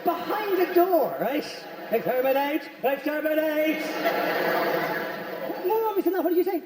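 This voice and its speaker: A man doing a stand-up routine, riffing quickly with the crowd in a large venue. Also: extremely high pitch. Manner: rapid, animated, riffing with the crowd. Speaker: stand-up comedian. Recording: echoey hall from far off.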